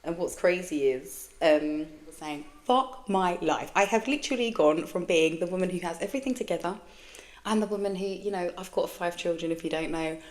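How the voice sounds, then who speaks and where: A woman's voice: on the low side, steady tone, normal speed, a little mellow. A woman in her forties, hosting her own podcast, talks frankly and emotionally in a blunt, sweary monologue. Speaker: podcast host. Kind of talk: candid personal monologue.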